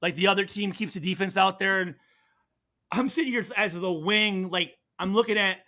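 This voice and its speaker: A man's voice: sits high, moderate pace, sharp tone. A man in his forties, a former football safety, telling rambling, profane stories in a casual interview and acting out what others said. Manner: profane, rambling, acts out quotes.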